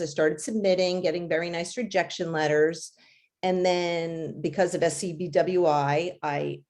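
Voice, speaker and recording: A children's author gives chatty interview answers packed with fillers and easy laughs. Her voice sits on the low side and sounds a little mellow.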